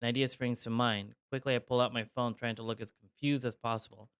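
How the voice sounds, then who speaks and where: A man reads a visual novel aloud on a live stream, narrating in the first person. His voice sits at an ordinary middle pitch. He breaks off now and then for casual, joking remarks. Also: fairly even intonation, brisk, a bit bright, smooth, no room sound.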